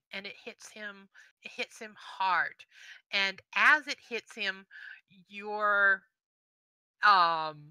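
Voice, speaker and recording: A woman narrating a tabletop game as game master, setting scenes in an unhurried way with fillers. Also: medium pitch, bright, forceful tone, clean tone, no room sound, low-quality recording.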